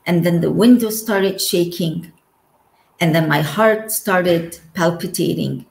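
A woman's voice: fairly low pitch, creaky. A woman telling of her near-death experience as a guest, in an earnest way and acting out the words spoken to her. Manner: earnest, slow storytelling that acts out remembered dialogue. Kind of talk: personal testimony. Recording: echoey room.

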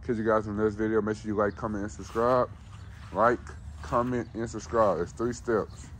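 A man with a lowish voice talks straight to his viewers in a casual vlog, blunt and insistent, repeating his points. He is outdoors by a dog kennel, and a faint hum of ambience sits under his voice. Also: steady tone, normal speed. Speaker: dog breeder and vlogger. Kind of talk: casual motivational vlog talk.

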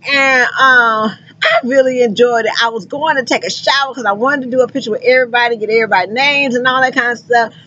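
A woman's voice: a little high, fast talker, bright, forceful tone, lo-fi sound. Effusive folksy woman trucker. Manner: effusive and folksy, keeps calling listeners honey and child. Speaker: truck driver and driver recruiter. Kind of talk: casual vlog talk to viewers.

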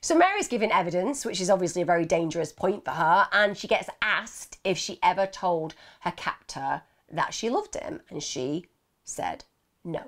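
Woman, 30s, true crime host, low gravelly voice, animated and indignant storytelling. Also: moderate pace. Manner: animated, indignant, rhetorical questions.

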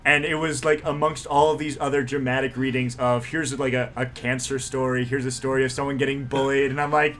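A man's voice: medium pitch, little pitch movement, fairly quick, few pauses, fairly bright tone, faint music behind. A young man co-hosting a let's play, telling rambling stories and laughing often. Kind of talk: casual gaming commentary.

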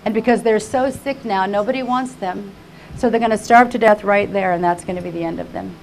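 An older woman preaching an emotional personal testimony sermon, fervent and repetitive, swinging from hushed tones to crying out. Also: mid-range voice, fairly quick, slight background noise. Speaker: conference speaker.

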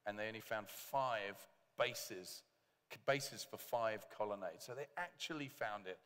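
A man preaching a sermon as pastor, lively, with joking asides to the congregation. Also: fairly low pitch, measured pace, long reverb tail. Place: church hall.

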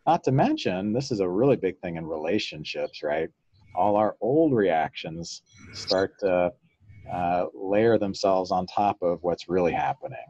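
A man's voice: deep voice, a little slow, husky, no echo, muffled recording. A man, a psychologist guest in an interview, explaining ideas through stories and often chuckling. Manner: relaxed storyteller, acts out quotes, chuckles often.

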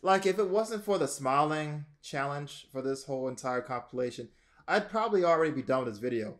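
A man's voice: a little high, fairly quick. A young man hosting a reaction video, chatting casually, laughing easily and swearing now and then.

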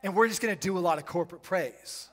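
High-voiced preacher in a reverberant hall. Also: male voice. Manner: preaching with sudden loud bursts and dramatic pauses; playful, slangy asides. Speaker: pastor. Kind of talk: charismatic sermon. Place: church sanctuary.

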